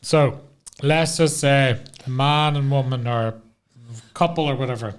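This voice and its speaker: A male podcast host chats casually in a voice of ordinary middle pitch. He is playful and animated, and laughs easily between his points. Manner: lively, jokey, quick to laugh. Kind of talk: casual chat.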